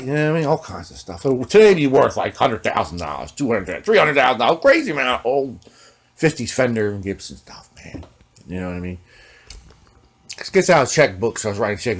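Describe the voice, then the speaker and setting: A man hosting his own guitar repair video, chatting loosely as he works on an instrument. He talks streetwise and swears freely, and he keeps leaning on "you know what I mean." His voice sits at an ordinary middle pitch. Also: very animated, brisk. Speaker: host of a guitar repair channel. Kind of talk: casual storytelling while working on an instrument.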